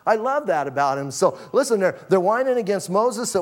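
A man with a fairly high voice preaches a sermon in a loose, conversational way. He acts out the voices he quotes with lively energy and swings between excitement and hushed, quiet moments. He sounds middle-aged. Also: moderate pace. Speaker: pastor.

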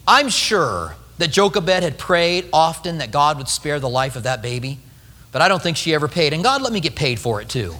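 A male pastor preaching a sermon, telling a story with lively acted-out quotes. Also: a little high, long reverb tail.

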